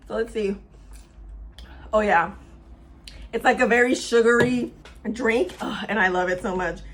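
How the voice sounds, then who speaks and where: A woman's voice: fairly high pitch, a bit bright, slight background noise. A young woman chatting casually to camera as a beauty vlogger, upbeat and talking while she eats, at home by a window.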